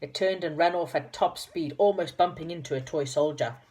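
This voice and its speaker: A woman with a low, mellow voice reads a children's storybook aloud. She talks to her listeners with affection between chapters. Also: brisk, breathy edge. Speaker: reader of children's stories.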